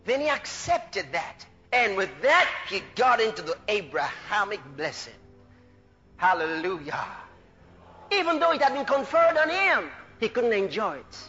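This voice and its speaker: A man preaching a fervent sermon, laughing and bursting into shouts of praise. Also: high-pitched, very animated, normal speed, few pauses. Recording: dull lo-fi recording with faint music.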